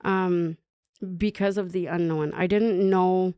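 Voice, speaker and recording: Earnest Canadian-raised woman, lowish voice. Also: steady tone, slow, warm tone, smooth, dry recording, studio quality. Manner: earnest, many "like" fillers, acts out dialogue. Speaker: podcast guest. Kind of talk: telling her recovery story in an interview.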